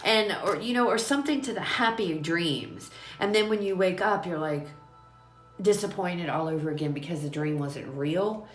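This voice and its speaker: A woman with a low voice gives a casual tarot reading, chatty and emphatic, and often repeats herself as she talks straight to her listeners. Her nose is runny and her eyes are watering. She is recorded in an echoey small room with faint music behind her. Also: normal speed. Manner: chatty, repetitive, emphatic, addresses listeners directly. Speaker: tarot reader.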